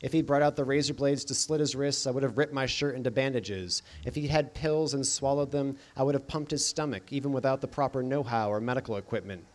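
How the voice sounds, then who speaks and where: A man reading first-person scripted narration in a deadpan, dry comic manner. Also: medium pitch, brisk, few pauses. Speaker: audiobook narrator.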